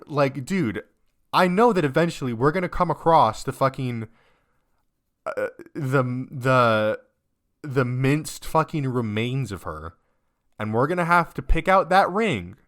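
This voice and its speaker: Young man, let's-play commentary, heavy swearing, upset and near tears, pitch swinging up and down. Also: a bit bright. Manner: swears constantly, rants and trails off. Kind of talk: emotional game commentary.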